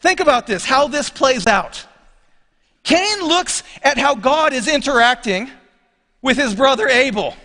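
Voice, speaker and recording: A pastor with a high, bright voice preaches to his congregation in a relaxed, conversational way, tossing questions out to the room. His voice swoops up and down freely, with a long reverb from the church hall around him. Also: measured pace. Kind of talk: sermon. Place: church sanctuary.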